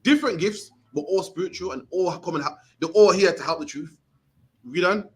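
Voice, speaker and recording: A man's voice: sits high, a little fast. A young man with a Birmingham accent teaching a scripture class in a streetwise, conversational way, often ending phrases with "man". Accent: Birmingham English.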